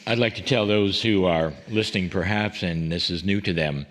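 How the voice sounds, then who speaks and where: A man with a very deep voice hosts an interview. He talks earnestly about the value of the process, pausing on fillers and restarting his sentences as he goes. The delivery is conversational rather than polished. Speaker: host. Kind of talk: interview talk.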